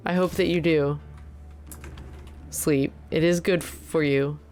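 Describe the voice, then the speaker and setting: A young woman livestreams a game in a relaxed, unhurried voice that sits a little low. She chats with viewers, exclaims at surprises and thanks people by name. Faint music plays in the background. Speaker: game streamer. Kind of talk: casual live-stream chat while playing.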